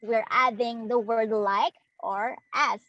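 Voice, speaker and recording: A woman's voice: fairly high pitch, fairly even intonation, takes it slowly, a bit bright, dry recording, lo-fi sound. A young woman giving a demo lesson, explaining step by step and acting out sounds as examples. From Philippines. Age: young adult. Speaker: student teacher. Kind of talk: demo lesson on figures of speech.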